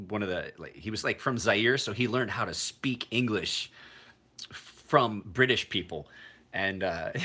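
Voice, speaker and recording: A man's voice: fairly low pitch, pushed and bright, breathy edge. Rambling, profane man in his forties. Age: 40s. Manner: rambling and profane, with frequent restarts. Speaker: knife maker. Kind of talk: casual livestream chat.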